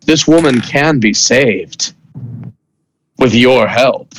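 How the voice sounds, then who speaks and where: A man voicing a calm, sinister male mastermind who speaks slowly and quietly persuades. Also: a little hiss or hum, close to an everyday voice. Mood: calm menacing. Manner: slow, low, quietly persuasive.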